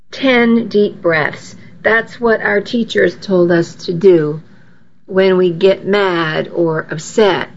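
Slow, earnest woman narrating an audiobook. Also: mid-range voice, muffled recording. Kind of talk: first-person audiobook narration.

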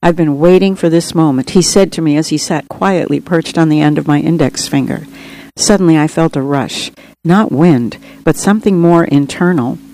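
A woman's voice: low-pitched, moderate pace, warm tone, rough recording. Woman reading her own memoir. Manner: earnest, reflective storytelling. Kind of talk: audiobook narration.

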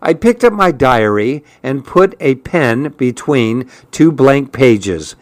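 A man reading a first-person story aloud, unhurried and even. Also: mid-range voice, no echo. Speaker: narrator.

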